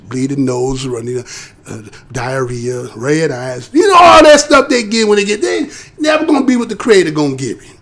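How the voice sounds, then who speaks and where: American male host, high voice with gravel, chatty rhetorical commentary full of tag questions. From United States. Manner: conversational, rhetorical, tags points with "right?". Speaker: live show host. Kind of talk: casual commentary.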